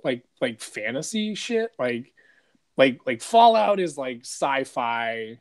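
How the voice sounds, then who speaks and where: A man of middle pitch co-hosting a loose podcast conversation. He rambles and swears freely, tossing in "dude" and "like" as he goes. His delivery is relaxed and unpolished. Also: slow. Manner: rambling, profane, peppered with "dude" and "like". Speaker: podcast co-host. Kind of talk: casual podcast chat.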